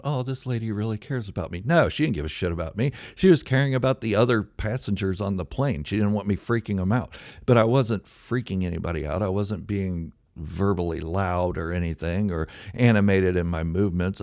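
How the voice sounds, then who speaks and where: A man with a very low voice tells a true story in a loose, casual monologue. He mocks himself and plays up the drama with sudden loud bursts. The sound is close and dry, with no room around it. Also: normal speed, no echo. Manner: self-mocking, dramatic retelling with sudden loud outbursts.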